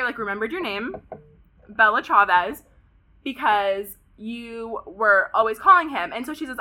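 A woman of about twenty from Pasadena, California, telling a story as a podcast guest in an animated way, saying "like" constantly and swearing often. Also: a little high. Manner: animated, heavy use of "like", frequent swearing. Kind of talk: casual storytelling interview.

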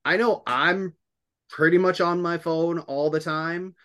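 A man's voice: a little high, fairly even intonation, a little slow, pushed and bright. A man hosting a podcast in casual chat, rambling and laughing often. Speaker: podcast host.

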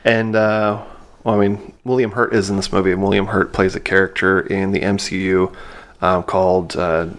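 Low-voiced man rambling about a film. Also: level tone, normal speed. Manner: rambling, many fillers, self-correcting, laughs easily. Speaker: podcast co-host. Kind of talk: casual chat about a film.

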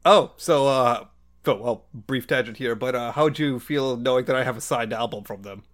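A man's voice: medium pitch, normal speed. A man chatting as a guest on a comics podcast, jokey and rambling, laughing often. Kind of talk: casual chat.

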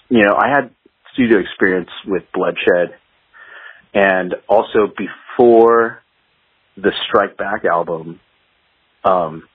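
A man's voice: on the low side, husky, dry recording. A man being interviewed as a guest guitarist, telling rambling studio stories in a casual way and laughing as he goes. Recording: tinny phone-like line, dry.

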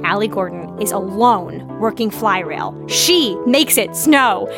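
A woman co-hosting a podcast in casual chat, quick and teasing, laughing often. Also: medium pitch, expressive, over music. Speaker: podcast co-host.

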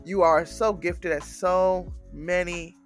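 A man's voice: high-pitched, steady tone, slow, faint music behind. A man hosting a podcast in casual chat, earnest and affirming, often restarting his sentences. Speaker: podcast host.

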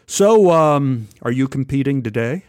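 A man's voice: medium pitch, lively intonation, measured pace, darkish tone, dry recording, studio quality, natural voice. A man voicing a genial, amused older male TV executive who talks in a friendly, teasing way.

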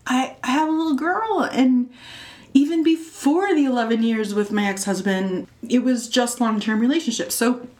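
A woman in her thirties casually telling a personal story, animated and laughing often, her voice jumping high when excited. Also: moderate pace. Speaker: storyteller guest.

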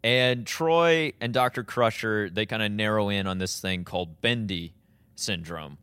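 A man in his thirties co-hosting a podcast, recapping an episode in casual chat, animated and laughing often. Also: fairly low pitch, measured pace, clear, resonant tone, dry recording. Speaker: podcast co-host.

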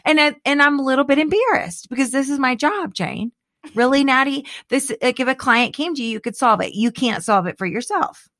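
A middle-aged woman in casual chat, animated and dramatic, laughing often. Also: high voice, brisk, no room sound, clean studio sound.

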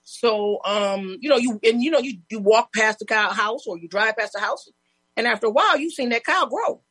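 A woman guest telling lively stories in casual chat, laughing and acting out other people's lines. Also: a little high, moderate pace, breathy edge, no echo. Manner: animated, laughing, acts out neighbors' lines.

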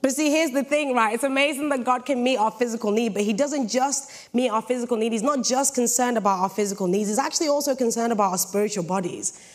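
A young British woman preaching a sermon with a lively, jokey storytelling manner. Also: on the high side, fast. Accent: British English. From Britain.

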